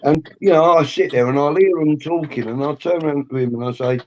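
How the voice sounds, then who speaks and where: A man's voice: a little high, fairly quick, few pauses, muffled recording, a little hiss or hum. A middle-aged man co-hosting a casual live-stream chat, opinionated and emphatic, often repeating himself.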